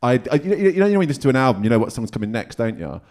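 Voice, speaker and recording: A man's voice: mid-range voice, very animated, racing, darkish tone. A male podcast host interviewing a musician in a jokey, casual way. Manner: chatty and jokey, with mild swearing.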